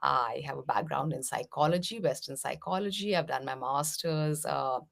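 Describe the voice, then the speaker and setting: Low, gravelly-voiced woman from India. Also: normal speed. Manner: gentle, explanatory, many "uh" fillers. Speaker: meditation teacher, guest. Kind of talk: podcast interview answers.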